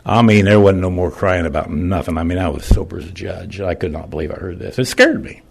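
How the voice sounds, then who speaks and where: A man's voice: low-pitched, steady tone, fast, vocal fry, darkish tone, breathy edge. An older man giving a plain-spoken, emotional personal testimony in church, with folksy phrasing.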